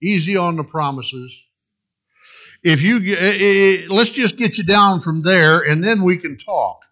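A man voicing God in a calm, reassuring tone with small hesitant fillers. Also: high-pitched, unhurried, voice pushed up. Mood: soothing.

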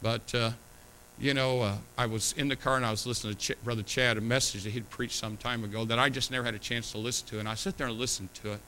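A man's voice: mid-range voice, fairly even intonation, quick pace, sharp tone, a little hiss or hum, poor audio. A middle-aged man preaching a sermon as pastor, talking in a conversational, emphatic and emotional way.

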